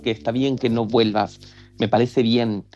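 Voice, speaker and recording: A man's voice: mid-range voice, steady tone, a little mellow, highs cut off, faint music behind. A man from Argentina with a Rioplatense Spanish accent, chatting casually with many fillers and restarts. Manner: halting, full of fillers and restarts. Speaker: interviewee, narrator's childhood friend. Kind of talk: casual conversation.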